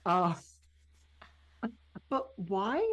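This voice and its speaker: A woman's voice: medium pitch, sing-song, very slow. A woman co-hosting a podcast in casual chat, rambling and chatty with many fillers. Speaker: podcast co-host.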